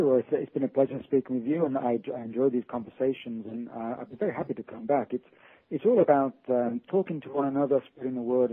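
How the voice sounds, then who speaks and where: A male author guest talking earnestly in a casual interview, halting often and restarting his sentences. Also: mid-range voice, husky, no echo. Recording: tinny phone line.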